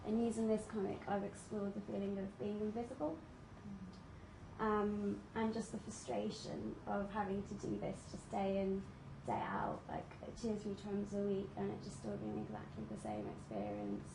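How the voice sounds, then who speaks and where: A woman, a medical student, giving a reflective, hesitant presentation with many pauses and ums. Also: medium pitch, lively intonation, creaky. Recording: echoey room with audible noise.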